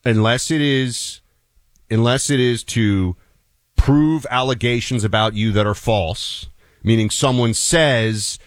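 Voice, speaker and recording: A man's voice: mid-range voice, slow, no room sound, studio quality. A man co-hosting a political talk radio show, chatting casually and telling stories with emphatic asides. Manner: conversational, storytelling, emphatic asides.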